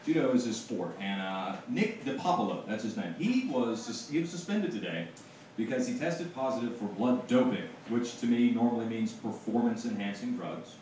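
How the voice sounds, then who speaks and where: A man performing a stand-up comedy set at an open mic, telling jokes and building to loud punchlines. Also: medium pitch, lively intonation, moderate pace. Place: small open mic venue with audience. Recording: distant mic, echoey room, noisy audience.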